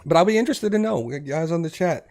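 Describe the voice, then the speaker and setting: A man's voice: a little high, animated, fast talker, a little mellow. A man co-hosting a podcast in a casual, rambling chat, with many fillers and restarts. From Texas. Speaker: podcast co-host. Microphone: podcast mic.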